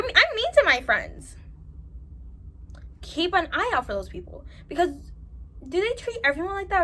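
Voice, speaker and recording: An advice vlogger with a New York accent speaks straight to camera, giving candid, emphatic advice and repeating her points for stress. Her voice is a little high and a bit bright.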